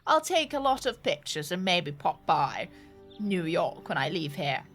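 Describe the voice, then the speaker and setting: An eager male explorer with a broad put-on Australian accent, as a woman reads his letter aloud, drawling each phrase slowly and loudly. Faint game music plays behind. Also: on the low side, big pitch swings, pitched below the performer's own voice. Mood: boastful. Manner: slow, loud, drawn-out reading aloud.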